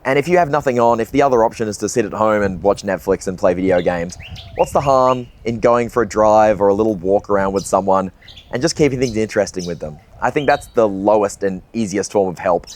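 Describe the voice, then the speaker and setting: A man's voice: lowish voice, a little fast, a little mellow, a little hiss or hum. A young man talking earnestly and casually to the camera, reflecting in a vlog monologue. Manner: earnest, conversational, casual swearing. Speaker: video essayist.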